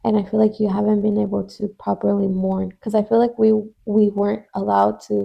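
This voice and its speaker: A woman co-hosting a podcast who listens and answers her friend in a gentle, reassuring way. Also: mid-range voice, little pitch movement, fairly quick, vocal fry, breathy edge, dull audio. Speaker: podcast co-host. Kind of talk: casual supportive chat.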